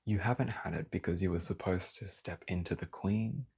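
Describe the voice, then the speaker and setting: A man's voice: deep voice, normal speed, gravelly, a little mellow, husky. A man giving a casual tarot reading, talking heatedly, swearing and then apologizing for it. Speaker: tarot reader.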